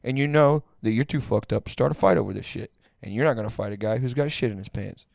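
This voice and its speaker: A man voicing a stoned, lazy young roommate who refuses to move, in a low, mumbling, unbothered way. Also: animated, normal speed, no echo, lightly acted. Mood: stubborn.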